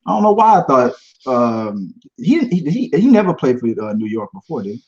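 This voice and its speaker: A man's voice: medium pitch, big pitch swings, brisk. A man, hosting a casual podcast chat in a laid-back, rambling way and laughing often. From Houston, Texas. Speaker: podcast host. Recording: dull lo-fi audio.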